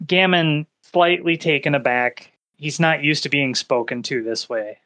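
A man narrating a tabletop game as game master, describing scenes in a casual, unhurried way. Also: on the high side, pushed and bright.

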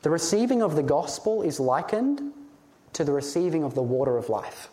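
A man's voice: fairly high pitch, big pitch swings, brisk, dark tone. A man preaching a sermon in an earnest, pleading way, sometimes stumbling over his words when stirred. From Australia.

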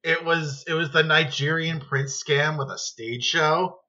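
Male podcast co-host, unhurried and bright, wisecracking, dull lo-fi audio. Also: on the high side. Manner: joking asides and quick reactions. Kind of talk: casual chat. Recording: dull lo-fi sound.

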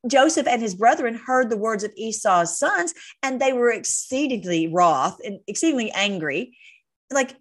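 A woman's voice: fairly high pitch, lively intonation, moderate pace. A woman teaching a Bible study, reading scripture aloud with frequent fillers and self-corrections, and breaking off into conversational, exasperated asides.

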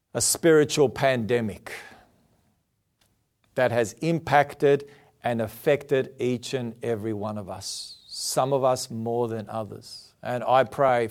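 A man's voice: medium pitch, clear, resonant tone. A male preacher giving a televised sermon, earnest and emphatic, asking rhetorical questions. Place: TV studio.

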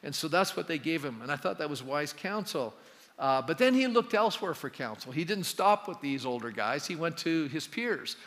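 Male pastor, slightly high voice, chatty sermon delivery, echoing sanctuary. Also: sing-song, normal speed, fairly bright tone. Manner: conversational, asks the congregation questions. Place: church sanctuary. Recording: long church hall reverb.

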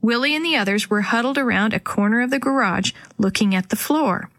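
Female narrator for a kids' storybook, dry close recording, gentle character voices. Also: fairly high pitch, brisk, dry recording. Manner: reads dialogue with light character voices. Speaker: audiobook narrator. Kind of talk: children's storybook reading.

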